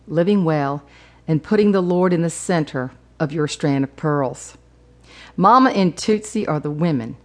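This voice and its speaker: A woman's voice: deep voice, a little mellow. A woman narrating her own memoir audiobook, humorous with playful emphasis.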